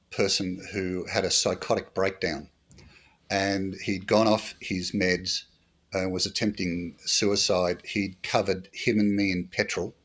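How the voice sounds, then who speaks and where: A middle-aged Australian man with a low, deep voice tells stories from his years as a bush police officer. He is dry and humorous and says a lot of "uh" and "um" in an unhurried interview. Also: fairly bright tone. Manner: dry humorous anecdotes with fillers. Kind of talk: storytelling interview.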